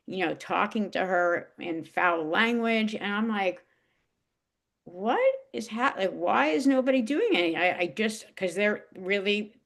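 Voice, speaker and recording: A woman telling an emotional personal story in a casual, halting way, with many restarts and fillers. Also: medium pitch, vocal fry, fairly bright tone. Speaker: guest.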